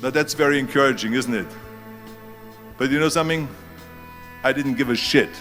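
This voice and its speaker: A man's voice: mid-range voice, normal speed, over music. A man in his seventies with a German accent, giving a motivational speech as emphatic storytelling that leans hard on key words. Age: 70s. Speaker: speaker.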